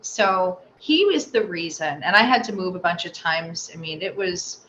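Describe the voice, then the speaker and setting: A woman being interviewed, telling a personal story with animated delivery and acting out the voices she quotes. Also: fairly low pitch, moderate pace. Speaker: interview guest. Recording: slightly dull audio with faint noise.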